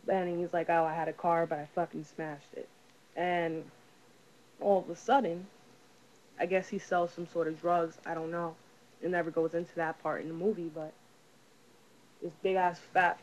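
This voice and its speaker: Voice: mid-range voice, a little hiss or hum, rough recording. A casual movie reviewer talking through a film's plot in a rambling, profane way, full of fillers.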